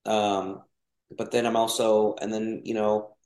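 A man's voice: fairly low pitch, level tone, unhurried, darkish tone. A man from Mexico chatting casually as a podcast guest, wandering through thoughts with lots of restarts and fillers. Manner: rambling, many restarts and fillers. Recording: roomy echo.

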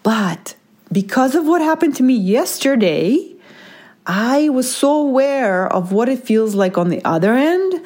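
A woman, a mother, telling a personal story in a casual, reflective monologue. She often checks in with "right?" and "like", and speeds up and slows down within a sentence. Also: fairly high pitch, darkish tone.

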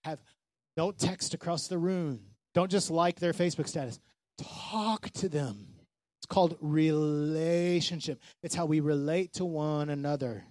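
A pastor gives a casual, animated sermon in a fairly high, slightly mellow voice, slipping into quick impressions of the people he describes. The recording is close and dry with no echo.

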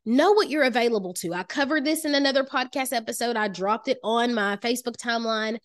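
A woman with a high, light voice leads a motivational master class. She speaks to the listener directly and emphatically, hammering points home by repeating them. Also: fairly quick. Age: adult with children. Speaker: life coach and podcast host.

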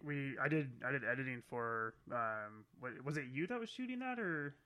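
A man from Spokane, a photographer, chatting casually on a podcast in a halting way and clearing his throat often. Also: mid-range voice, animated, bright, forceful tone. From Spokane, Washington.

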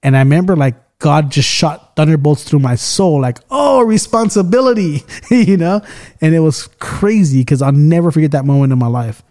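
A man's voice: on the high side, a little fast, few pauses, dark tone. A man hosting a podcast in casual chat, loose and swearing often as he tells stories and acts out the people in them. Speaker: podcast host.

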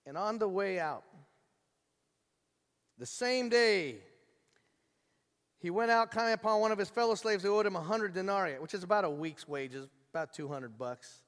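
Male pastor, high voice, lively storytelling sermon, long church-hall reverb. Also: moderate pace, pauses often. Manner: animated storytelling, acting out the characters' voices.

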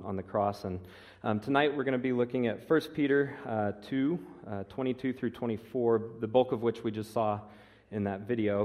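A man's voice: on the low side, a little mellow. Man preaching in a reverberant church. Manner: measured, slows down on key phrases, some fillers. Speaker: pastor. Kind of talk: sermon. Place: church sanctuary.

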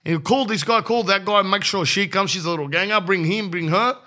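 Rambling Australian podcast host. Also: male voice, high voice, a little fast, bright, forceful tone. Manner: rambling, brash and jokey, says bro a lot. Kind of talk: comedic podcast monologue and host-read ad.

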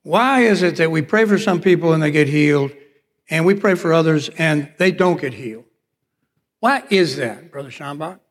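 A fairly high-voiced man preaches a sermon from the pulpit, his words ringing with the long reverb of a big hall. He tells a personal testimony and acts out the voices in his stories. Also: animated, normal speed. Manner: storytelling, acts out quoted dialogue. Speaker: pastor.

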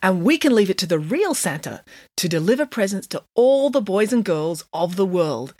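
A woman voicing an anxious, sensible young girl in a storybook reading, worried and high. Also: sing-song, normal speed, a little mellow, dry recording.

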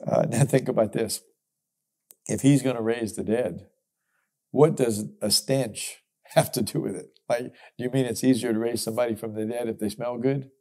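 A middle-aged man teaching verse by verse through a Bible book, expressive and emphatic, chuckling now and then. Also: mid-range voice, moderate pace.

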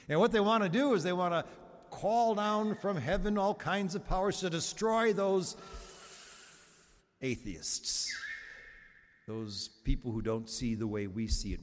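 A man's voice: medium pitch, darkish tone, in a large hall. A Catholic priest in his seventies giving a sermon in a conversational, humorous storytelling manner, with frequent restarts.

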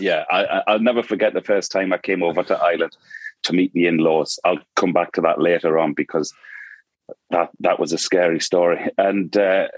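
A deep-voiced middle-aged Geordie man from Newcastle in northeast England is heard in a dry recording. As a podcast guest he chats casually, telling rambling stories that wander off on tangents.

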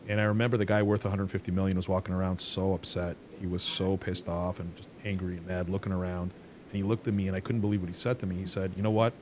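A man hosting a podcast who talks in a halting way and restarts his sentences. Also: sits low, level tone, background noise. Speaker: podcast host. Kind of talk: casual interview conversation.

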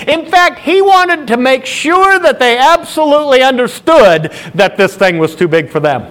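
A male pastor preaches with animated, emphatic storytelling. His voice is very high for a man and swings widely in pitch. He retells a scripture story in sermon style. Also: a little slow, few pauses.

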